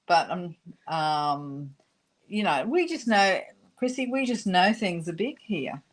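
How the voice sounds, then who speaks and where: An Australian woman hosting a live craft class, chatting in a relaxed, halting way and laughing often. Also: lowish voice.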